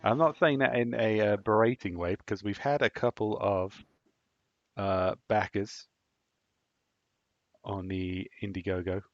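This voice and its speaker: Dry, teasing low-voiced podcast man. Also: fairly even intonation, unhurried, long pauses, no echo. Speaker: podcast host. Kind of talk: casual podcast chat. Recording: dull lo-fi recording.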